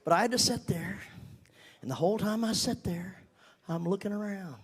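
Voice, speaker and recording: Older man, storytelling, high voice, animated, whispers for emphasis. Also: moderate pace, slightly rough. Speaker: speaker giving a testimony. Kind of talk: storytelling to a congregation.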